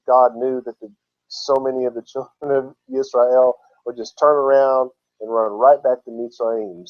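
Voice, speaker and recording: A man's voice: mid-range voice, a little mellow, lo-fi sound. A man teaching from scripture who reads passages aloud and breaks in with casual explanations. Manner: explains terms with casual asides. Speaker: Bible teacher.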